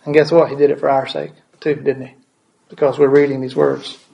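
A man's voice: medium pitch, level tone, brisk, vocal fry, warm tone, rough recording. A man preaching a sermon as pastor, asking the congregation questions and repeating words for emphasis.

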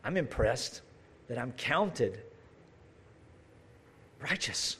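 A man's voice: mid-range voice, sing-song, drawn-out words, pushed and bright, slightly rough. A man preaching a conversational sermon, talking straight to his listeners with asides and rhetorical questions.

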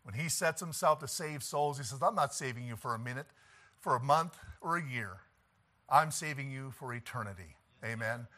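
A man preaching a sermon, swinging from quiet pleading to shouted declarations and chuckling between points. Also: on the high side. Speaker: pastor.

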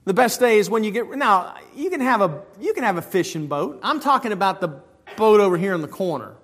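A male pastor preaching a sermon in a church, joking and swinging between loud emphasis and quiet asides. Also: high-pitched, very animated, brisk.

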